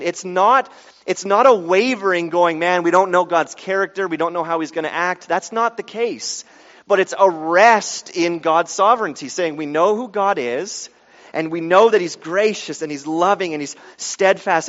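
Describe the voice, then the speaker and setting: A male pastor preaching a sermon, moving from quiet reflection to loud, emphatic pleading. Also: a little high. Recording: dull sound in a reverberant hall.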